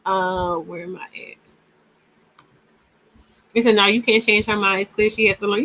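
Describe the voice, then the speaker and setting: A woman's voice: mid-range voice, fairly even intonation, normal speed, long pauses, pushed and bright, low-quality recording. A woman hosting a casual commentary, reacting to a clip and reading comments aloud, emphatic and given to repeating words mid-thought.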